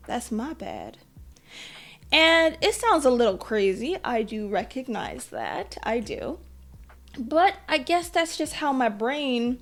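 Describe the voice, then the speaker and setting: A young adult woman hosting a podcast, telling a personal story in a candid, self-deprecating way with lively quoted asides. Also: high-pitched. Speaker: podcast host. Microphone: podcast mic.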